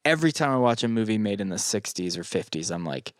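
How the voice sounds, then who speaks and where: A young man co-hosting a podcast in casual chat, swearing freely and animated. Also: on the low side, fast talker, no room sound. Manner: swearing, animated, quotes people in put-on voices. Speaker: podcast co-host.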